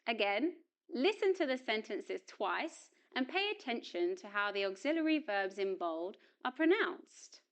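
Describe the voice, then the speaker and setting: A woman's voice: fairly high pitch, big pitch swings. A woman reading a scripted English pronunciation lesson, stressing words with care so learners can repeat them. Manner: slow, careful, exaggerated stress for modeling. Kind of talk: scripted instructional narration.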